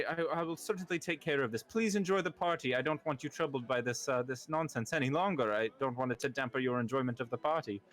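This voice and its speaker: A man voicing a pompous nobleman who tries to soothe a crowd, drawing out his words in a high voice. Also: a bit bright. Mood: smooth-talking. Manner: pompous, high-pitched, drawn out. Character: pompous nobleman host, smooth and placating.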